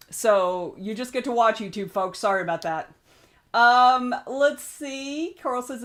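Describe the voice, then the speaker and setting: A woman from the United States with a Southern Georgia accent, chatting casually on a livestream, greeting viewers by name and rambling between topics. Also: medium pitch. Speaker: streamer and author.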